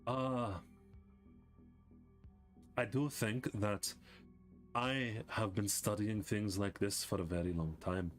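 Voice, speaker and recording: A man voicing a proud male scholar mage who speaks slowly and with confidence. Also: fairly low pitch, fairly even intonation, faint music behind, voice pushed down. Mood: self-assured. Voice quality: slow, measured and self-assured.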